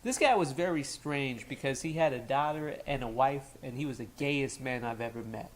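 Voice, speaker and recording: A man's voice: medium pitch, moderate pace, over a noisy crowd. Casual man with a New York-sounding accent. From Los Angeles. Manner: loose and rambling, trails off with fillers. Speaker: co-host. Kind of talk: casual chat.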